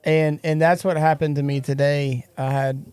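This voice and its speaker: A man's voice: on the high side, flat delivery, normal speed, a little mellow, smooth. A charter fishing captain, a man, beginning his own story in a casual chat.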